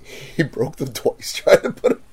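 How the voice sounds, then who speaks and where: A man telling stories in a casual chat, animated, laughing and acting out quotes loudly. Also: measured pace. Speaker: guest vendor.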